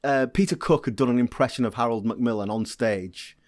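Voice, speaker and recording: Male co-host, middle pitch, dry close mic, wry and well-researched. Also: fairly quick, darkish tone, dry recording. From Britain. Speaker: podcast co-host. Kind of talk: casual chat.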